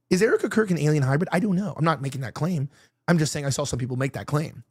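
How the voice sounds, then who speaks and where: A man's voice: fairly high pitch, rapid-fire, husky. A man hosting a casual opinion show, rambling and emotional, with many restarts and provocative jokes. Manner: provocative joking. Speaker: podcast host.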